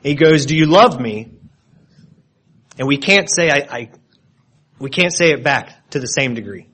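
A man's voice: medium pitch, normal speed, bright, forceful tone. A man preaching an expository sermon, explaining word meanings with frequent restarts and repeated words.

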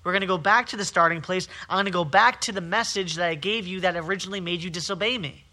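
A preacher speaking as a stern male God, firm and quick with commands. The voice stays high and very bright, clipped with authority.

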